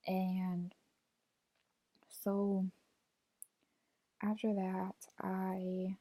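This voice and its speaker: In a vlog, a woman in her twenties relates a personal story in a mid-range, mellow voice that is monotone and extremely slow, recorded with no room sound. She rambles, keeps saying "like," repeats quotes, and seems on the verge of tears as she holds back crying.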